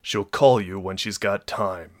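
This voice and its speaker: A man's voice: fairly low pitch, measured pace, close to an everyday voice. A man voicing a curt, short-tempered male sergeant who snaps and barks orders in an audiobook. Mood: snappish. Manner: snapping, barking orders.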